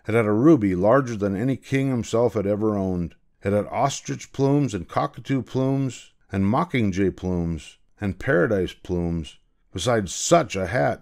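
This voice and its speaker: An older man, a grandfather, reading a picture book aloud in a gentle, measured way. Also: on the low side. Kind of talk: storybook read-aloud.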